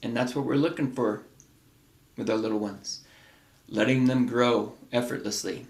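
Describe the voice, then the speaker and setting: A man's voice: mid-range voice, normal speed. Middle-aged man with a roomy, echoey sound. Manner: relaxed, rambling, with restarts and fillers. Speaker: wellness podcast host. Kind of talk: casual teaching talk.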